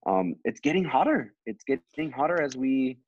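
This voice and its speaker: A man's voice: mid-range voice, sing-song, normal speed, a little mellow, no room sound, highs cut off. A man who is a teacher and co-hosts a podcast, telling a story in casual chat with many fillers and restarts.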